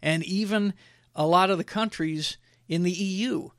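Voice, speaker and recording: Male host, opinion monologue; blunt, chatty, filler-heavy delivery; slightly high voice, dead-dry sound. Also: normal speed, a bit bright, no echo. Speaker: podcast host.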